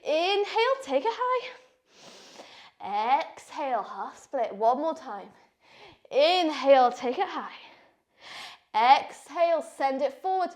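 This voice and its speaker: A woman with a very high voice guides a power yoga flow, calling each breath and pose. She talks slowly and sounds out of breath from moving along with the class. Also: big pitch swings. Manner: encouraging cues, slow and breathy while moving. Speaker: yoga instructor.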